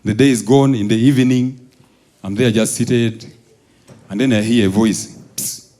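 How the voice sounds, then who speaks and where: A man's voice: steady tone, normal speed, warm tone, a little hiss or hum. A man from Uganda doing stand-up, telling stories about his school days and acting out the voices of the people in them. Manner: acts out quoted voices, jumping high and dropping low. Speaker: stand-up comedian. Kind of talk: stand-up storytelling. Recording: live show with audience laughter.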